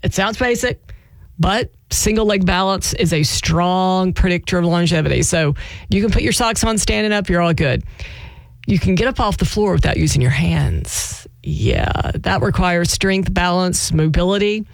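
A woman's voice: on the low side, normal speed, creaky, no room sound. A woman hosting a morning radio show in a chatty, self-mocking way, laughing mid-sentence. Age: adult, married. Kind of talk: casual radio chat.

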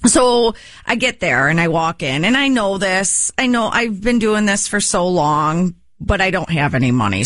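A woman's voice: deep voice, fairly bright tone, no echo. A woman chatting casually, telling a story with frequent laughs.

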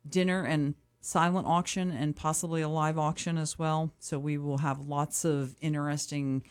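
A woman's voice: low-pitched, level tone, moderate pace, smooth. A woman from an animal shelter's board, a guest on a radio chat, talking cheerfully and laughing easily. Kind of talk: casual radio interview.

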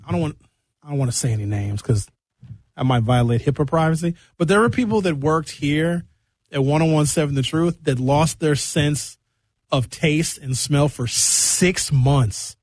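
Jokey, animated male radio host. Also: a little high, breathy edge, no room sound. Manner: animated, jokey, jumps between tangents. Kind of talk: casual radio chat.

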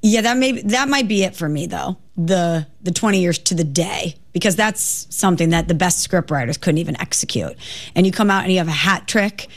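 A woman's voice: on the low side, a little fast. Emphatic woman sports radio co-host. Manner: lively, emphatic banter.

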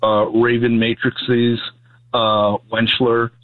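A man's voice: medium pitch, level tone, takes it slowly. A man calling in to a radio show, talking hesitantly with fillers. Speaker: caller. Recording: tinny phone line.

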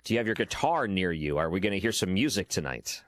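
A man's voice: deep voice, very animated, fast talker, dry recording. A man hosting a late-night radio talk show, chatting loosely with restarts from his home office. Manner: conversational, stumbling restarts, laughs easily.

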